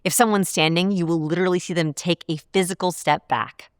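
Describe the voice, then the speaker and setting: A woman behavioral researcher giving an instructional talk to camera, clear and measured, slowing down to stress key points. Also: on the low side, fairly even intonation, no room sound, studio quality. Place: studio.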